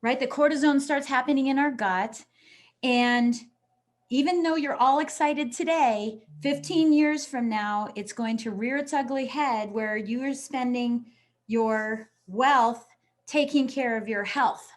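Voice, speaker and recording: A woman's voice: high voice, a little slow. Earnest woman guest coach. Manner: earnest, explanatory, quotes people in voices. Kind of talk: casual interview chat.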